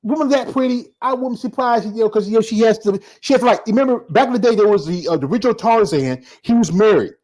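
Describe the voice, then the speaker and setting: A man hosting a podcast in casual chat, joking and halting, often repeating words. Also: high voice, a little mellow, low-quality recording. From Southern United States. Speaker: podcast host.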